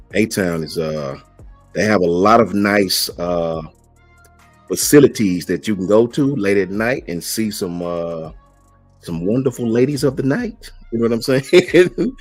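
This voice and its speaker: Casting: middle-aged man, lowish voice, relaxed slangy stream host, faint music behind. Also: husky. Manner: laid-back, slangy, reads out and answers chat messages. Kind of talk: casual live-stream chat.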